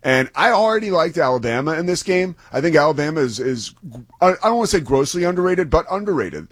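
A man's voice: a little high, very animated, quick pace, dry recording, studio quality. A man who is a sports broadcaster, chatting enthusiastically and loosely about a football game with some restarts. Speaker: sports broadcaster and guest analyst. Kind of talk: casual sports talk.

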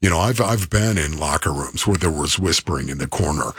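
A man's voice: very deep voice, lively intonation, fairly quick, breathy edge. A man co-hosting a sports radio show, talking emphatically and preaching to listeners he calls brothers. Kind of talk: sports talk radio banter.

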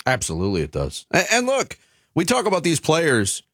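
A man hosting sports talk radio, chatting in a lively, conversational way. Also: on the high side, a little fast, no echo, studio quality.

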